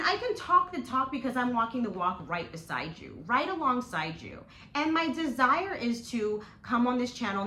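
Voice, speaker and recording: Lively, encouraging woman in echoey room. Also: on the high side. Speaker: weight-loss vlogger. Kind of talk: encouraging motivational vlog. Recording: echoey room with faint noise.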